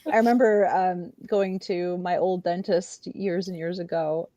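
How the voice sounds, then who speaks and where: A woman co-hosting a podcast, chatting casually and telling candid, animated stories. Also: fairly low pitch, measured pace, no room sound, highs cut off. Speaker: podcast co-host. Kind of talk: casual chat.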